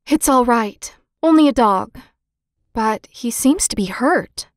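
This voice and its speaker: A capable older girl, brisk and soothing by turns, looking after the little ones in a storybook reading, as a woman puts her on. The voice sounds dry and close. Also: a little high, expressive, no echo.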